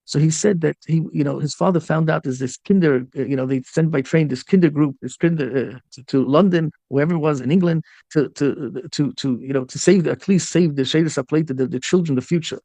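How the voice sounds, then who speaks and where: Gravelly, impassioned male rabbi preaching. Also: on the high side, fairly quick, dark tone, dry recording. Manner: impassioned, repeats and restarts phrases; mixes in Hebrew and Yiddish terms. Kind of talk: storytelling sermon.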